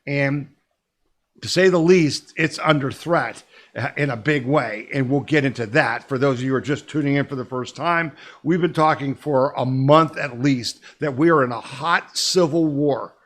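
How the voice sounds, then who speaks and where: A man's voice: medium pitch, moderate pace, a bit bright. A man hosting a weekly news podcast, talking emphatically and urgently and pressing listeners to act. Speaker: podcast host.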